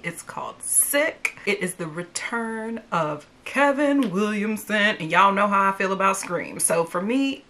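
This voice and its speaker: A woman's voice: mid-range voice, pushed and bright, slight background noise. A young woman with a Southern accent, chatting casually as a movie reaction host and laughing often. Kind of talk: casual reaction vlog chat.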